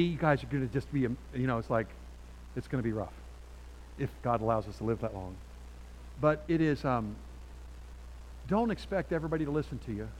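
A middle-aged man preaching a sermon as pastor, animated and chatty, dropping to quiet asides and then getting loud. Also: mid-range voice, a little hiss or hum, rough recording.

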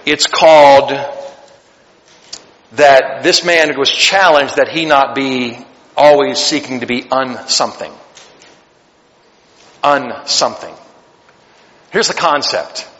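A man preaching a sermon as pastor, animated and joking, acting out little voices to make his points. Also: mid-range voice, slow, dull audio. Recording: long hall reverb.

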